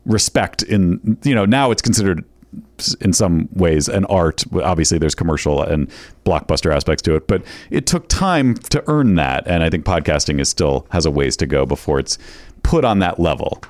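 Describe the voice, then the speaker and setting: Podcast co-host, man with a low voice, dry close sound, animated and teasing. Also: dry recording. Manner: animated, quick to laugh and tease. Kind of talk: casual podcast banter.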